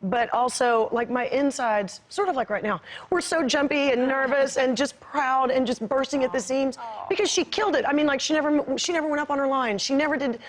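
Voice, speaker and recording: On a TV talk show with a studio audience, a woman in her forties appears as a guest, speaking briskly in a high voice. Her casual chat is bubbly and gushing, punctuated by frequent laughter.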